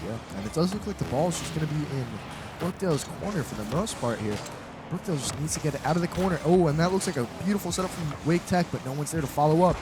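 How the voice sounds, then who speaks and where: A man giving live esports play-by-play from a college studio set, excitable and tripping over his words. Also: fairly high pitch, quick pace. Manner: excitable, stumbles and repeats words. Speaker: esports caster. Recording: steady background noise.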